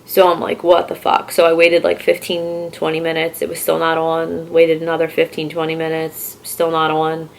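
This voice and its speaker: A young woman vlogger from Philadelphia rambles through a casual story, filling it with "like" and curse words. Her voice sits a little low and has a gravelly, fry-laced edge. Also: completely flat delivery, moderate pace, hardly any pauses. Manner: rambling, full of "like" and swearing. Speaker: horror vlogger.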